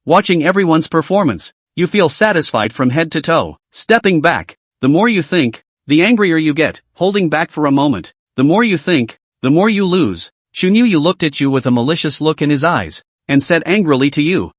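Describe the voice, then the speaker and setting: A man narrating a story recap in the second person, brisk and dramatic. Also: fairly high pitch, animated, no room sound.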